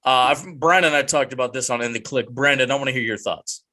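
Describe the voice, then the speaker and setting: A man's voice: mid-range voice, quick pace, sharp tone. A man hosting a casual podcast with friends, joking and mock-dramatic, rambling with restarts. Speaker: podcast host.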